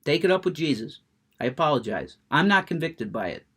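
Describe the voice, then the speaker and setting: A man's voice: a little high, very animated, brisk, fairly bright tone, slightly rough. A man ranting with heavy cursing, getting worked up, then chatting about a video game he is playing. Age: adult, smoker. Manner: profane, ranting, gets worked up, curses a lot. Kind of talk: unfiltered rant and gameplay chat.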